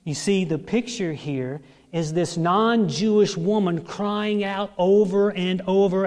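A man's voice: high voice, slow pace, darkish tone. A man preaching a sermon, dramatic, acting out the scripture quotes and calling on the congregation for an amen. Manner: dramatic, acts out quotes, asks congregation for amens. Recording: long reverb of a large hall.

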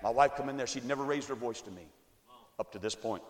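A man in his forties giving a testimony sermon, swinging from quiet storytelling to shouted climaxes, recorded in an echoey church hall. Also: medium pitch, fast talker. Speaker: evangelist. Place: church sanctuary.

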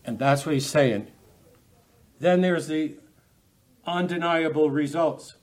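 A man's voice: fairly high pitch, takes it slowly. A man teaching a Bible study lecture, earnest and emphatic, often restarting his phrases.

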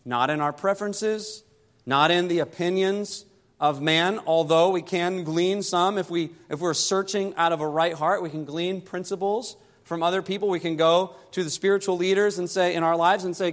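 A pastor preaching a sermon, climbing higher and louder to press his points and dropping soft and low to close them. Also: fairly even intonation, moderate pace, big-room sound.

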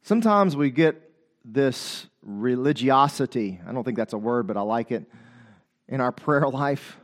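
A man's voice: mid-range voice, lively intonation, measured pace. A man preaching a sermon with passion, talking straight to his listeners and acting out scripture voices. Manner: impassioned, calls out to listeners, quotes scripture in dramatic voices.

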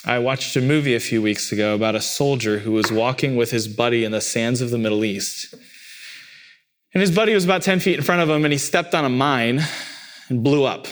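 A man preaching a sermon, animated and acting out cries with sudden leaps in pitch. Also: a little fast. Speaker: pastor.

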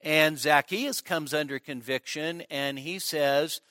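At a midweek service, a man preaches an expository sermon in a conversational style, stopping often to check in with the congregation. He has a slightly high, bright voice, captured close and dry with no room sound.

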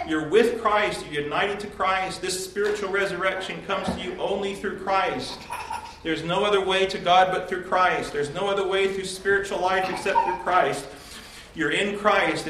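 A man's voice: fairly high pitch, fairly bright tone. A man preaching a devotional with an earnest, emphatic delivery and a slightly raised voice. He is picked up from some distance in an echoey room, with a faint hum of ambience behind him. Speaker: pastor. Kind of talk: devotional sermon.

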